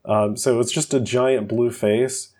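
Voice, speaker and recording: A man's voice: medium pitch, fairly even intonation, a little slow, a little mellow. A man co-hosting a casual podcast chat, laid-back and laughing often. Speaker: podcast co-host.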